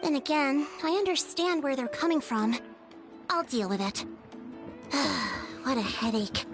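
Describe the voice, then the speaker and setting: An actress playing a flustered young woman organizing a village feast in a video game, talking in a chatty, animated way. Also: high-pitched, a little slow, music in the background.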